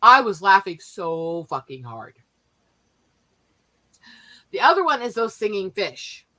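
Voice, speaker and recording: Bright-voiced woman telling lively family stories. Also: mid-range voice, takes it slowly, poor audio. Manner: animated, profane, laughing while telling family stories. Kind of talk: casual storytelling chat.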